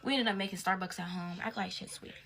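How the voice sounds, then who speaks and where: A young woman tells a casual storytime in slangy, cursing talk, now and then sinking to a whisper. Clear clicking noise runs behind her voice. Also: mid-range voice, fairly even intonation, fast talker, fairly bright tone. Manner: slangy and profane, drops to a whisper at times.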